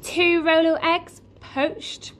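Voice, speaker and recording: A woman voicing a kindly grown man who keeps a corner shop, gentle and coaxing, in a storybook reading. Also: very high-pitched, flat delivery, extremely slow, pitched above the performer's own voice, full character voice.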